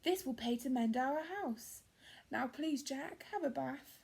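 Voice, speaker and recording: A woman's voice: high-pitched, expressive, a little slow, creaky, darkish tone, heavily acted. A woman voicing a strict, house-proud mother in a children's story, scolding her son.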